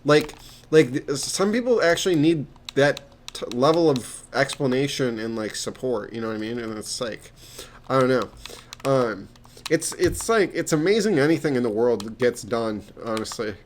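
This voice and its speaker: A man's voice: medium pitch, animated, slight background noise. Rambling young man telling work stories. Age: young adult. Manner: rambling, halting, many restarts and fillers, swears. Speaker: peer mentor telling stories. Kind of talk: casual rambling storytelling.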